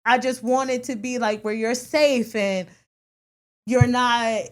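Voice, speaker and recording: A middle-aged woman co-hosting a talk podcast, telling parenting stories in a frank, animated way with casual swearing. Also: a little high, slow. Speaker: podcast co-host. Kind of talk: casual round-table chat.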